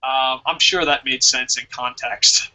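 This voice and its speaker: A man's voice: mid-range voice, steady tone, takes it slowly, sharp tone, rough recording. A man hosting a casual wrestling talk show, rambling, swearing and laughing often. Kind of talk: casual podcast chat.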